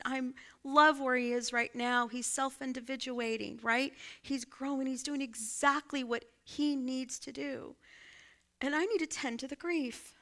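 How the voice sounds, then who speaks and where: A woman pastor, preaching a sermon and telling a personal story, often asking her listeners "right?". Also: sits high. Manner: warm conversational, asks congregation "right?". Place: church sanctuary.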